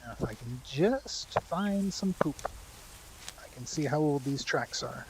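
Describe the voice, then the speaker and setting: A man's voice: on the high side, expressive, measured pace, darkish tone, a little hiss or hum, low-quality recording. Chatty man streaming a VR game. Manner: chatty, explains as he plays. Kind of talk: live gameplay commentary.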